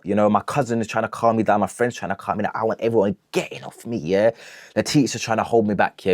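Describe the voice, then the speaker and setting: A man's voice: on the low side, darkish tone, no echo, clean studio sound. A young man telling a storytime rant, emphatic, checking in with "yeah?" after nearly every phrase. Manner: emphatic, keeps asking "yeah?". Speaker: vlogger.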